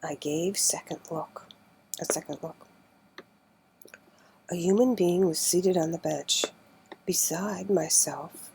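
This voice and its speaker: A woman narrating an old adventure book in a slow, careful audiobook reading that often sinks to a near whisper. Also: fairly low pitch, a little mellow, a little hiss or hum, poor audio.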